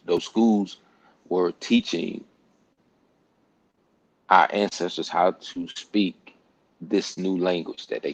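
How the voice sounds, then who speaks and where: A low-voiced man with a gravelly, creaky edge talks emphatically in a casual group discussion. He repeats words for stress and drops slang and profanity. The sound is dry and close, with no room echo. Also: darkish tone. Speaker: podcast host.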